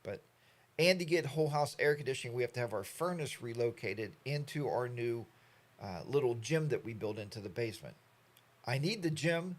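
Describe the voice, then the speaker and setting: A man's voice: medium pitch, expressive, normal speed. Chatty middle-aged man on a live stream. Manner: rambling, chatty, reads viewer comments aloud. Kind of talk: casual live-stream chat.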